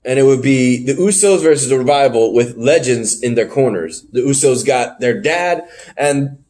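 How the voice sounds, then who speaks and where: A man co-hosting a podcast, recapping wrestling shows in casual chat, animated and swearing freely. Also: normal speed. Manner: animated, swearing, jumps in pitch when surprised. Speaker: podcast co-host.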